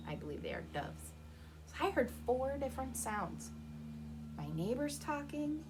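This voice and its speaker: A woman's voice: medium pitch, a little hiss or hum. A woman reading a picture book aloud to young children at home, stopping to ask them questions and imitate animal sounds. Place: her home.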